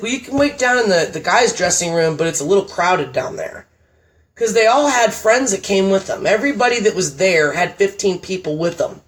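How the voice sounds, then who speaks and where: A woman stand-up comedian, chatting as a podcast guest and telling stories in a blunt, profane, animated way. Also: medium pitch. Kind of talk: casual chat, storytelling.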